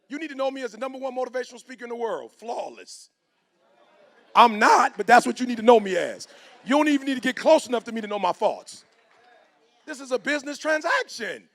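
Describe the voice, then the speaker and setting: A middle-aged man with a high, vocal-fried voice talks a little fast but leaves long pauses. His motivational talk has a preacher's flavor, and he animatedly performs both sides of his stories in quoted voices.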